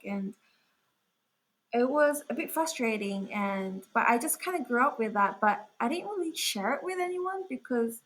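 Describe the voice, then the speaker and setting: A woman's voice: fairly high pitch, expressive, normal speed, fairly bright tone, slightly rough, rough recording. A young woman chatting as an interview guest, talking casually with lots of fillers. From Australia. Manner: chatty, full of "like" fillers and laughs. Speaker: guest artist.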